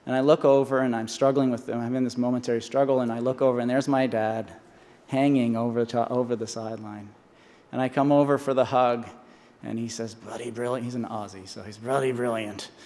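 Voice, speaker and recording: Speaking at a podium in a big convocation hall, this honorary doctorate recipient, a man in his forties, gives a sincere commencement speech full of restarts and repetition. His warm, mid-range voice stays steady and moves a little fast, with long reverb from the hall.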